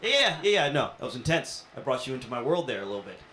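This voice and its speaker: A man's voice: medium pitch, big pitch swings, fast, bright, forceful tone, a little hiss or hum. A young man performing a stand-up comedy set, playful and punchy, with conversational asides to the crowd. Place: comedy venue with audience laughter. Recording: roomy live club sound.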